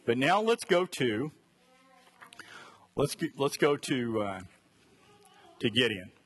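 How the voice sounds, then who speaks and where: A man's voice: mid-range voice, very animated, takes it slowly, fairly bright tone, slight background noise. A man teaching a conversational Bible study sermon and asking his listeners direct questions. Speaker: preacher.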